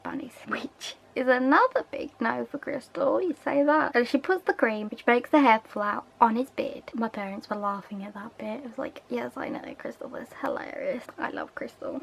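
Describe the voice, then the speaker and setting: On a rough recording, a young woman with a slightly high voice casually recaps a TV episode. As a reviewer, she's chatty, quoting lines from scenes and tossing in asides.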